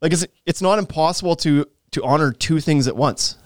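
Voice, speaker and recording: A man's voice: on the high side, a little fast, darkish tone, no room sound. A man hosting a podcast in casual chat, joking and ranting with a laugh. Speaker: podcast host.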